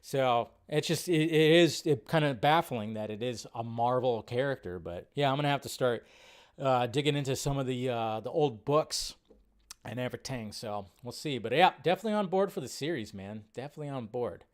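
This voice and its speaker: A man hosting a casual film-commentary livestream, animated and reacting loudly, with some swearing. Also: medium pitch, a little fast. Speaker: livestream host.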